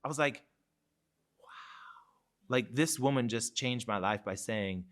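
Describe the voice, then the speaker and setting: A man's voice: medium pitch, moderate pace, a bit bright. A man from Seattle co-hosting a live podcast, telling personal stories in a self-mocking way and laughing easily. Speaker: co-host.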